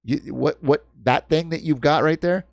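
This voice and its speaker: A man's voice: on the high side, moderate pace, vocal fry, dry recording, studio quality. A man in his fifties hosting a livestream, ranting heatedly with lots of swearing and stumbling restarts. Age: 50s. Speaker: livestream host. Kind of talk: heated casual stream chat. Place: home in New York.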